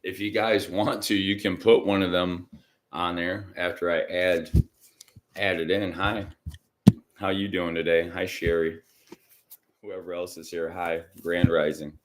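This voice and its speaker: A man hosting a casual psychic reading livestream from home, rambling and chatty and often clearing his throat. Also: deep voice, level tone, takes it slowly, long pauses, slight background noise. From Michigan. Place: indoors at home.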